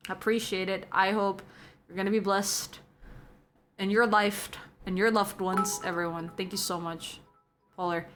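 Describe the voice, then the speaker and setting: Over background music, a young woman runs a laid-back live stream, reading viewers' messages aloud and chatting casually. She's giggly and chatty, swinging from hushed softness to sudden excitement, at a medium pitch and a measured pace.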